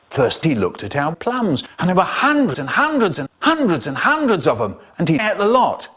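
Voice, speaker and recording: A man telling a story in a very expressive way, swinging between hushed whispers and loud exclamations. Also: high voice, moderate pace, breathy edge. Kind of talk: animated storytelling, spliced into a comedy edit.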